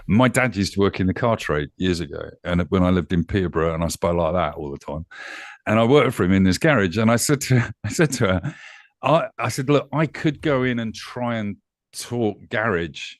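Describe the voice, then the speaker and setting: A man's voice: deep voice, a little fast, no room sound. Well-spoken Englishman, dry close sound. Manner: well-spoken, amused, inquisitive. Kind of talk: casual chat.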